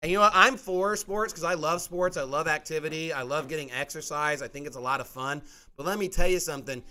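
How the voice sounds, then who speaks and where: Young male preacher with a high, bright voice who preaches forcefully and builds to loud outbursts. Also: fast talker. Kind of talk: sermon.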